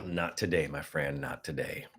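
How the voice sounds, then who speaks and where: A man's voice: a bass voice, steady tone, moderate pace, fairly bright tone, a little hiss or hum. A man casually hosting a live-stream prize giveaway, goofy and chatty, reading out codes and talking to viewers.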